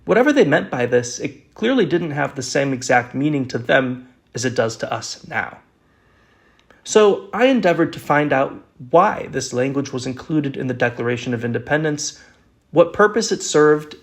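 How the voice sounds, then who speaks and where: A man's voice: on the high side, gravelly. A man hosting a history podcast, reading a scripted narration in an earnest, explanatory way. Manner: earnest, explanatory, reads quotes aloud. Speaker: podcast host.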